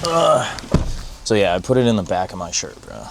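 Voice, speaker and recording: A man's voice: fairly low pitch, very animated, moderate pace, vocal fry, background noise. A young man chatting casually in a car vlog, blunt and rambling, full of swearing and "bro". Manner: blunt, profane, rambling, says bro a lot. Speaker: vlogger. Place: in a car, driving.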